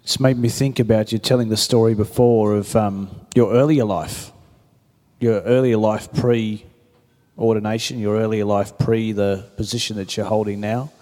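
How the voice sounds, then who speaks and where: A man's voice: lowish voice, fairly even intonation, a little slow, dark tone. A male interviewer asking long, thoughtful questions, rephrasing as he goes. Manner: thoughtful, rambling, rephrases as he asks. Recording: long hall reverb.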